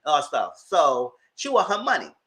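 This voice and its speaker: Animated man with a bright lively voice. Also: normal speed. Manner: animated storytelling, acting out quotes with big pitch jumps. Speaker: TV recap commentator. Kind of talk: casual recap chat.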